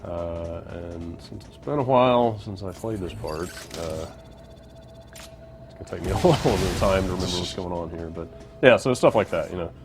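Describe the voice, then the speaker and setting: A man's voice: low-pitched, moderate pace, over music. A man giving casual gameplay commentary as he plays, laid-back and rambling with lots of fillers. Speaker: co-host playing the game.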